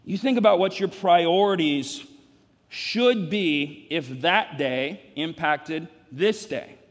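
Middle-aged male pastor, high-pitched, dynamic sermon delivery with dry humor, echoing big church hall. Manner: dynamic, swings from hushed to shouting, wry asides. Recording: long reverb of a big sanctuary.

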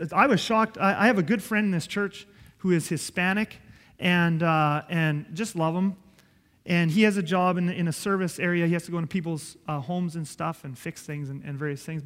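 High-voiced pastor preaching earnestly. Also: male voice. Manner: earnest, emphatic, swings from loud to soft. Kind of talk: sermon. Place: church hall. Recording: echoey church hall.

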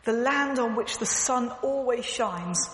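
A woman's voice: a little high, slow. A woman giving an earnest, emphatic sermon, repeating phrases as she tells stories. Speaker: church speaker. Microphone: clip-on mic, echoing. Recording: echoey hall, faint background noise.

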